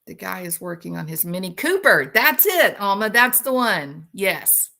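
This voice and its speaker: A woman hosting a casual chat with her viewers, telling animated stories and laughing often. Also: medium pitch, unhurried, vocal fry. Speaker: host.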